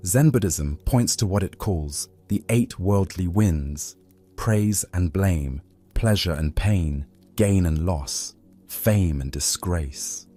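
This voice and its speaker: A man calmly narrating a scripted bedtime story. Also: low voice, slow, soft background music.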